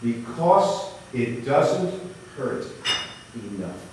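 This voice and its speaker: A man playing a calm, matter-of-fact homeowner in a told story, speaking low and quiet. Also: unhurried, background noise. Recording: echoey room, distant mic.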